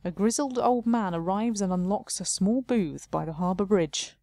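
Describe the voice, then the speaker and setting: Chatty woman with a mellow voice. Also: mid-range voice, moderate pace, no echo. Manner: chatty, self-mocking, laughs often. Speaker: let's play host. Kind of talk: casual game commentary, reading game text aloud.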